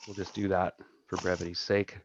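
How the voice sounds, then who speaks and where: Low-voiced man running a tabletop game. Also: little pitch movement, brisk, muffled recording, slight background noise. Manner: casual, laughing, thinking aloud. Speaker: game master.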